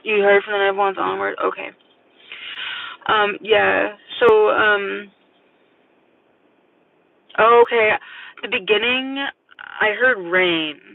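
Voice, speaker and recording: High-voiced man reading tarot, tinny. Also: steady tone, slow, creaky, long pauses, no room sound. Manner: rambling, hesitant, many fillers. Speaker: tarot reader. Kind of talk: live-stream tarot reading. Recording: distant, tinny phone-like sound.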